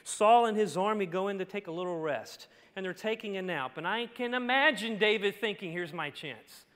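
A male pastor preaching a sermon, telling the story dramatically and swinging from hushed lines to shouts. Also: sits high, a little fast. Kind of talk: expository sermon. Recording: long hall reverb.

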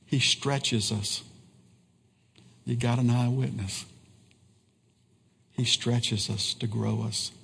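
A man preaching a sermon in a slow, earnest way, pausing often and repeating key phrases. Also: medium pitch, steady tone, vocal fry, a bit bright, breathy edge, big-room sound.

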